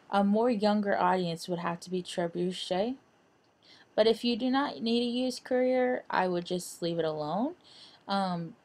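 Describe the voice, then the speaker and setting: Woman, design instructor, slow unhurried delivery, halting, lots of fillers, screen-recorded lecture. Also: mid-range voice, a little mellow. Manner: halting, many fillers and restarts.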